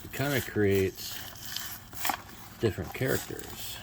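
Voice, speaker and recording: A man's voice: fairly low pitch, slow pace, creaky, very noisy. A man doing casual unboxing commentary as a toy reviewer, with wry, self-mocking asides.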